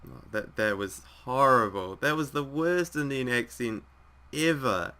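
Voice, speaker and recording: A man's voice: medium pitch, a little slow, few pauses. A man casually reading a visual novel aloud and chatting about it, rambling and self-mocking. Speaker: gaming video host. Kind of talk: casual let's-play commentary and reading. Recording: loud background music.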